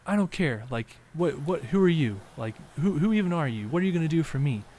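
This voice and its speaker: A man voicing a ragged, agitated stranger who yells accusingly in anger. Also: a little high, fairly quick, a little hiss or hum, pitched above the performer's own voice, close to an everyday voice. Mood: furious. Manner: shouting, accusatory.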